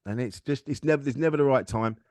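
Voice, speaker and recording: A man with a medium-pitched, warm voice talks fast in a dry, clean studio recording. He's a comedian guesting on a podcast, frankly and self-deprecatingly rambling through a personal story in a candid, conversational way.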